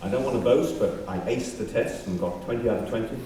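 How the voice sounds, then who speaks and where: Rabbi giving a measured assembly address with dry humor; distant mic, heavy hall echo. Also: male voice, fairly low pitch, warm tone. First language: not Australian-born. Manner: measured, wry asides. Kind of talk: formal speech. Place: large school hall. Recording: very echoey hall from far off, faint background noise.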